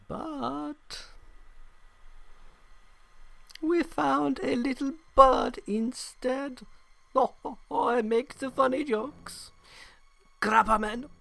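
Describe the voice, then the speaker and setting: A man voicing a menacing imperial officer in a game, using a put-on German accent and slow, sneering threats. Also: extremely high pitch, creaky, a bit bright, no echo, pitched above the performer's own voice, heavily acted. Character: menacing male imperial officer, cold and mocking.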